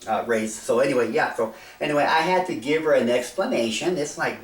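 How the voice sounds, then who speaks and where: A man's voice: fairly high pitch, a little fast, few pauses, recorded from a distance. A middle-aged man from South Texas, talking casually to camera in a rambling, hesitant way with many fillers and restarts. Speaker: vlogger. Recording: roomy sound, set back from the mic.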